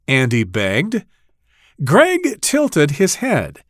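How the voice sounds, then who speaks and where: Slow, lively male storyteller. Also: a little high, no echo, studio quality. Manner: slow, very expressive read-aloud. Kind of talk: children's story narration.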